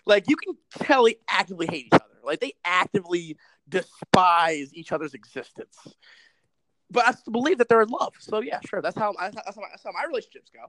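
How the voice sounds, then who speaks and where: A man recapping a movie in casual chat, animated and sarcastic, with lots of swearing. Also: high voice, fairly quick, no room sound, poor audio. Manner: animated, profane storytelling with sarcastic asides. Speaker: movie reviewer.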